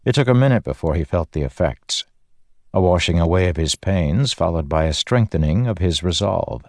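A man giving measured, scripted narration of a fantasy audiobook. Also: low-pitched, expressive, a little mellow, no echo, studio quality.

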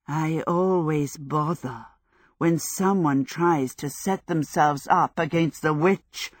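A woman reading an audiobook, voicing a haughty, menacing witch who talks in a cold, low hush. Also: slow pace, no echo, studio quality. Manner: cold, contemptuous, hushed and low. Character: haughty menacing female witch, grand lady. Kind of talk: audiobook character voice.

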